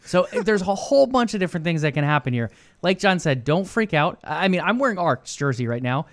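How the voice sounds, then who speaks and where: A man co-hosting an esports news show, explaining things in a measured way and asking rhetorical questions. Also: a little high, very animated, dry recording. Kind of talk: casual esports news discussion.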